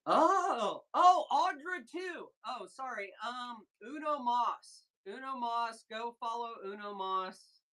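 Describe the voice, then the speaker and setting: Bright, slow-talking livestream host woman. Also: fairly high pitch. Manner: excitable, chatty, reads chat aloud. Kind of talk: casual livestream chat with viewers.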